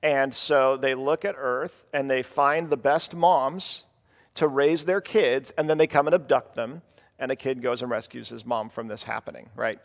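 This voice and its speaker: Halting male preacher in a reverberant hall. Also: mid-range voice, fairly even intonation, vocal fry. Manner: halting, restarts and fillers, conversational storytelling. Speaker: pastor. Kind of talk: sermon with personal stories.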